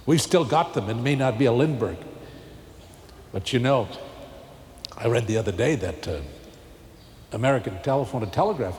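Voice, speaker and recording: Brief: folksy, animated male pastor, big church reverb, faint room ambience behind. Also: medium pitch, slight background noise. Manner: folksy, animated preaching with rising emphatic peaks. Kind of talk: televised sermon. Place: large church. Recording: long cathedral echo, faint ambience.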